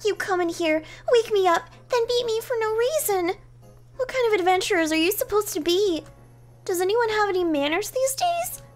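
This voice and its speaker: A woman's voice: extremely high pitch, expressive, moderate pace, soft background music, pitched above the performer's own voice. A woman voicing a grumpy, sleepy young fox shrine maiden who whines and pouts indignantly. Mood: pouting. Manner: whiny, indignant, pouting.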